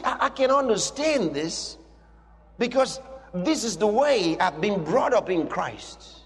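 High-voiced preacher man in reverberant hall. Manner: emphatic, repetitive declarations, rises to shouting. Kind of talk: sermon. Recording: long hall reverb with faint music.

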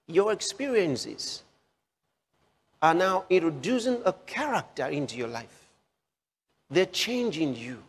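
A man preaching a sermon, slow and repetitive, with emphatic rises on key phrases. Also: fairly high pitch. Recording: long hall reverb.

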